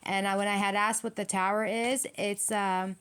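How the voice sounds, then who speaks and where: A woman's voice: medium pitch, flat delivery, normal speed, a bit bright, clean tone. A woman giving a tarot reading to her viewers, ranting in a heated, profane and repetitive way. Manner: addresses viewers directly. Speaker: tarot reader.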